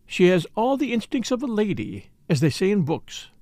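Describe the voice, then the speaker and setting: A man's voice: sits high, sing-song, normal speed, dark tone, no room sound, voice pushed up. A man voicing a sardonic young woman with a dry, curt manner.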